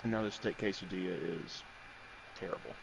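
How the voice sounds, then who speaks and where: A man's voice: low-pitched, fairly quick, creaky, noisy background. A man in casual chat, rambling and crude, tossing in trivia.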